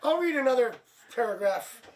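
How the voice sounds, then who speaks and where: A man hosting a live tarot stream, chatting casually and sounding tired and low on energy. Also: expressive, moderate pace. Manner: chatty, laughs at himself, thinks aloud. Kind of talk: casual live-stream chat and card reading. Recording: distant mic, faint background noise.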